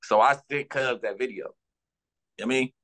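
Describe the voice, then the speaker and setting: A guest from Los Angeles speaks in an interview with a middle-pitched voice that's brisk and a bit bright. He argues heatedly and insistently in profane street slang.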